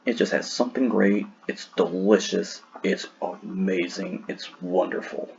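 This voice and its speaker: A man's voice: low-pitched, measured pace, creaky, darkish tone, lo-fi sound, a little hiss or hum. A man rambling casually as he ranks sodas in a tier list, sleepy and yawning, often restarting his sentences. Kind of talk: casual solo commentary.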